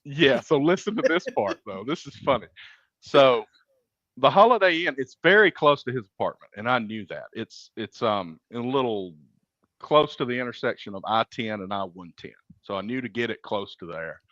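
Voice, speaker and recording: A man's voice: medium pitch, animated, moderate pace, a bit bright, dry recording. A man co-hosting a casual chat show, telling stories at length with many fillers and restarts. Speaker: podcast co-host. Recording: dull, muffled lo-fi sound.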